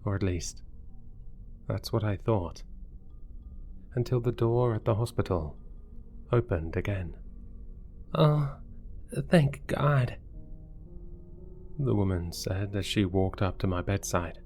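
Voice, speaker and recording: A man narrating a first-person horror story in a deliberate, brooding way. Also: sits low, fairly even intonation, warm tone, faint music behind.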